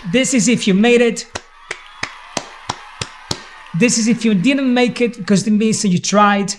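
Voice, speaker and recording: A young man teaching an online English lesson, drilling phrases slowly and then at full speed. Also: very high-pitched, background noise.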